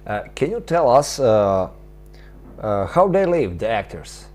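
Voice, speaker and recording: A male interviewer asking questions haltingly in simple, broken English. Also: lowish voice, big pitch swings, darkish tone.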